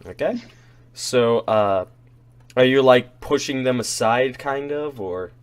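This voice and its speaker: A man running a tabletop game as game master, narrating in a relaxed way with frequent hesitations. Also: mid-range voice, slow pace, smooth.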